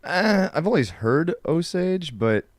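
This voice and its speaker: A man's voice: a little high, sing-song, slow pace, no room sound, studio quality. A man as guest co-host in a casual chat, adding wry, sarcastic quips.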